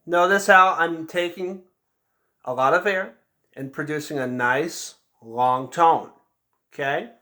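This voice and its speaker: A man's voice: a little high, takes it slowly, bright, forceful tone. A man teaching a beginner band lesson, patiently walking through each step and checking in with frequent "okay?". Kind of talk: instrument lesson demonstration.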